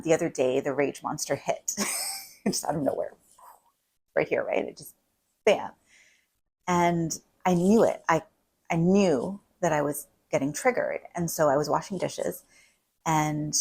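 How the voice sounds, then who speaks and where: Her lowish voice is creaky, husky and darkish, and the audio is poor. As a couples therapist speaking casually to camera, she explains things in a conversational way, often adding "like" and ending points with "right?".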